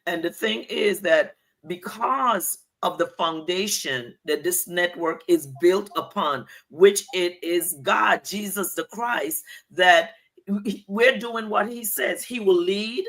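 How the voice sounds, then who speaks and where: A woman's voice: fairly low pitch, slow pace, a bit bright. An older woman in church leadership, speaking earnestly in a preaching style about faith. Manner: earnest, exhorting.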